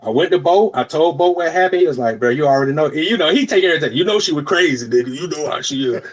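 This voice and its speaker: His voice runs on the high side and he talks fast. As a young adult podcast co-host, he relates a long story in casual, profane conversation, energetically acting out other people's words in different voices.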